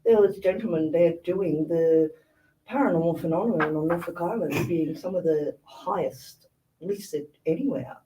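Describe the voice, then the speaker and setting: A woman's voice: on the low side, moderate pace, warm tone. A woman guest in casual chat, talking and laughing easily on a remote call. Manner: chatty, laughing. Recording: distant mic with faint background noise.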